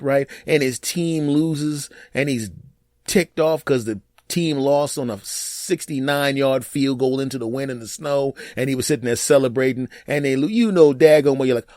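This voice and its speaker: A man riffs through a solo comedy podcast, swinging between storytelling and mock voices. His voice sits in an ordinary middle pitch. The recording is dry and close, with no room sound. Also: animated, normal speed, darkish tone, no echo. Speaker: podcast host.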